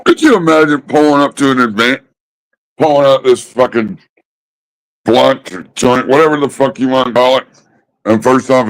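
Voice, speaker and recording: A man ranting casually about smoking habits, swearing constantly and mocking others with drawn-out pauses. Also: medium pitch, rough recording. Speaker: host. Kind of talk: casual profane rant.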